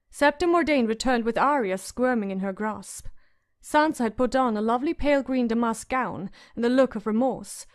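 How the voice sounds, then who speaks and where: A woman narrating a fantasy audiobook in a measured storytelling manner. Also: on the high side.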